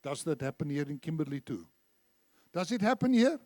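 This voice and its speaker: A man in his seventies preaching a sermon in a church, an animated storyteller who acts out the dialogue. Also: fairly high pitch, fairly quick, dry recording. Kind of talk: sermon with told anecdotes.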